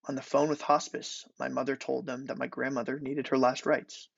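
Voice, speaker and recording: A young man gives a measured, deliberate reading of his literary prose, his voice gravelly with fry. The sound is close and dry, with a dull, lo-fi tone. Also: medium pitch, flat delivery, no echo. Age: young adult. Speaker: student reading his thesis. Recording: dull lo-fi recording.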